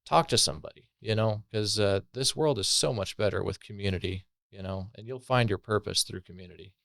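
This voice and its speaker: A man's voice: on the low side, brisk, creaky, fairly bright tone, no echo. A man from Colorado telling his own recovery story as a podcast guest, earnest and reflective, with many fillers. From Colorado, USA. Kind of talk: personal recovery story, conversational.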